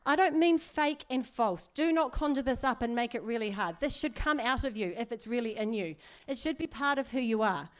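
A woman's voice: a little high, expressive, a little fast, few pauses. A middle-aged woman preaching in a chatty, earnest way, with asides and laughs. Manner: conversational, earnest, laughs often, many asides. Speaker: church speaker. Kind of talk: sermon.

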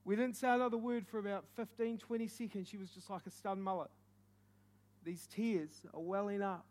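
A young man with a New Zealand accent, preaching with stories, animated and joking, sometimes shouting. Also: sits high, moderate pace. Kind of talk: sermon with stories.

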